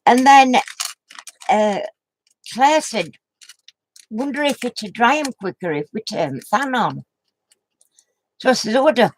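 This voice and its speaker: A woman's voice: fairly high pitch, lively intonation, slow pace, long pauses. An older woman telling a funny story as a craft vlogger, laughing through her words and tossing in homely exclamations. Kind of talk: rambling anecdote to camera.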